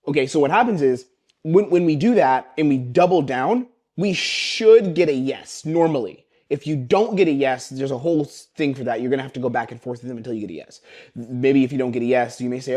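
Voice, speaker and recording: A man coaching sales by webcam, teaching scripts and acting out the closer's lines himself. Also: medium pitch. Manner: fast, energetic, acts out closer lines.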